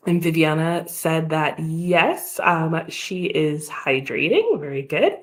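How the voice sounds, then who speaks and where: A woman's voice: deep voice, expressive, slow pace, few pauses. An American woman hosting a casual reading livestream, chatting about her book and reading out and answering viewer comments. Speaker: livestream host. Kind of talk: casual readalong chat.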